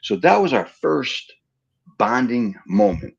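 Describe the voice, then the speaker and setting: A gravelly, medium-pitched man who works as a film stand-in and double shares film-set stories slowly as a guest on a remote live-stream call, the recording muffled. He tells his casual anecdotes with animation, performing the lines others spoke.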